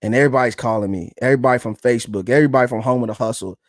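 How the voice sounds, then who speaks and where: A man's voice: mid-range voice, rapid-fire, no echo, clean studio sound. A man in his thirties, a podcast co-host, telling a personal story in a casual, earnest and reflective way, often calling the listener "man".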